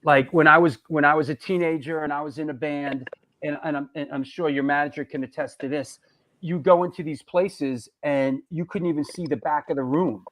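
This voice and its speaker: A man's voice: on the high side, steady tone, a little fast, fairly bright tone. A middle-aged man hosting a casual chat, rambling and restarting his sentences. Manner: rambling, repeats words and restarts often. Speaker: host.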